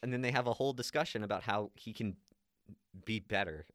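A man's voice: lowish voice, a little fast, a bit bright, no room sound, clean studio sound. A man chatting casually as a podcast co-host, retelling movie scenes and quoting the characters. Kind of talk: casual chat recapping a movie.

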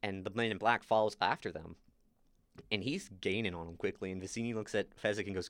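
A man's voice: on the low side, no room sound. A man co-hosting a podcast, casually recapping a movie scene by scene and quoting the characters. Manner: animated retelling, quick quoted asides. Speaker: podcast co-host.

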